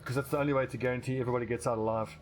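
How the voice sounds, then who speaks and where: A man's voice: mid-range voice, steady tone, very fast. A man giving casual, rambling commentary while playing a strategy game, swearing casually and restarting his sentences. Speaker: let's play commentator.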